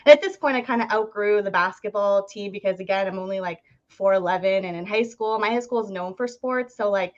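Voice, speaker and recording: A woman's voice: mid-range voice, fairly quick, few pauses. A young woman from Ontario, a podcast guest telling her story casually and animatedly, full of "like" fillers and acted-out quotes. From Ontario, Canada. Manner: chatty, animated, many "like" fillers, acts out quoted voices. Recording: dull lo-fi podcast audio.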